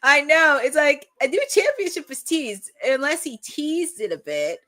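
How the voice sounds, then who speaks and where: A young woman hosting a live watch-along, chatting and reacting excitedly with frequent laughs. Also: sits high, a little slow.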